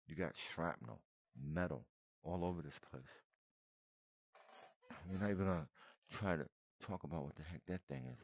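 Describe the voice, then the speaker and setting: A deep, gravelly-voiced man comments casually on footage, reacting emotionally and repeating himself. He keeps calling the viewer "man" and "brother," and the recording is dry.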